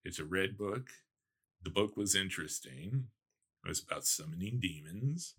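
A man on a book podcast, retelling a spooky novel's plot as an animated storyteller. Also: sits low, normal speed, slightly rough. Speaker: podcast host discussing books. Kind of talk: casual book chat and reading aloud.

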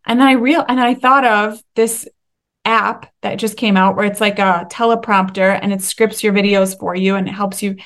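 A young woman hosting a solo faith-based podcast, talking in an excitable, emphatic way and at times laughing or tearing up. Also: mid-range voice, normal speed. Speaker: podcast host.

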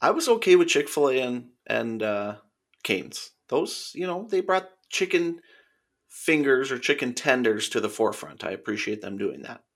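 Casual male podcast guest, gravelly voice, flat emphatic refusals. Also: medium pitch, normal speed. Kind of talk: casual chat.

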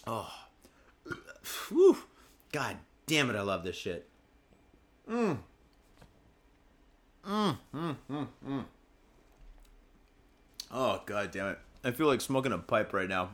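A man's voice: medium pitch, sing-song, slow pace, pauses often, fairly bright tone. A man hosting a casual podcast, drinking as he talks, rambling in a laid-back and profane way and reading out news stories. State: drinking booze while talking. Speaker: podcast host.

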